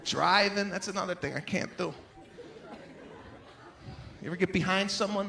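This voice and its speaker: A male stand-up comedian with a strikingly high voice rants in an exasperated way, slipping into little characters and pushing up to shouts. He is on stage at a live show. Audience laughter and a steady rumble of noise sit behind him. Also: normal speed, creaky, pauses often, a crowd in the background.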